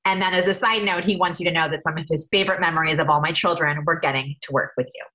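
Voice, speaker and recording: A woman's voice: low-pitched, fairly even intonation, fast talker, pushed and bright, poor audio. A woman co-hosting an interview, reading questions aloud in an upbeat way. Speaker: podcast co-host.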